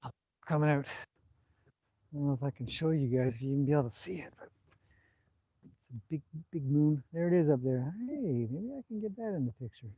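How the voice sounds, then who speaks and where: A man with a Canadian accent, hosting a casual live stream and reading out viewer comments in a relaxed, rambling way. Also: fairly high pitch, moderate pace, long pauses, husky, lo-fi sound. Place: outdoors at a stable in the evening.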